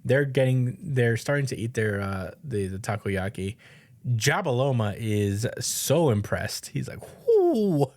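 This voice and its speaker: A man's voice: medium pitch, a little slow, a little mellow. A man co-hosting a podcast, casually recapping a manga chapter, laughing often and swearing offhandedly. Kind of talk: casual chat.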